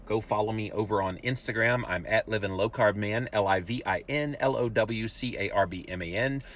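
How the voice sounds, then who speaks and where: A man's voice: fairly low pitch, brisk. A man hosting a live rant show, reading out viewer comments and urging listeners emphatically. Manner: emphatic, preachy, talks straight to viewers. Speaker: podcast host.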